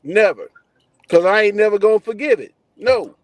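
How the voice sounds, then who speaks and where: A man's voice: high-pitched, animated, moderate pace, darkish tone. A man in a casual group debate, blunt and emphatic, repeating himself to hold the floor.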